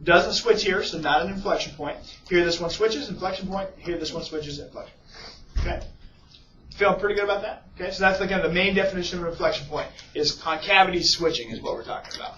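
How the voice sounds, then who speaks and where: A man's voice: high-pitched, fast talker, sharp tone, a little hiss or hum. A male math teacher lecturing casually in a classroom, often checking in with his students. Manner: casual, keeps checking in with "okay?" and "right?". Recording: echoey, distant, muffled classroom recording.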